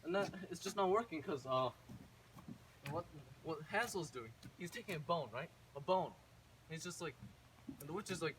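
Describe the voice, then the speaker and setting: A man's voice: on the high side, brisk. A man casually retelling a fairy tale, rambling with self-corrections and joking asides. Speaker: storyteller. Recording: distant mic with faint ambient noise.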